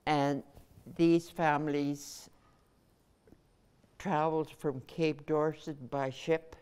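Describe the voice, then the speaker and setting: Slow low-voiced older woman. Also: steady tone, darkish tone, clean tone. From Nunavut, Canada. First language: Inuktitut. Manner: measured, pausing between phrases. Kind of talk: personal recollection.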